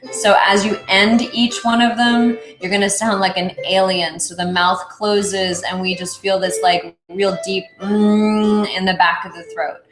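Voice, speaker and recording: A woman leading a yoga class, guiding calmly and chanting short repeated syllables. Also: medium pitch, moderate pace, hardly any pauses. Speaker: yoga teacher. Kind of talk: guided class instruction with chanting. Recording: roomy echo, faint music behind.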